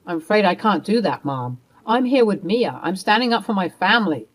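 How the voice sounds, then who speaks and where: A woman's voice: mid-range voice, big pitch swings, brisk, low-quality recording. A woman voicing a young husband who firmly sides with his wife. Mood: resolute. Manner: resolute.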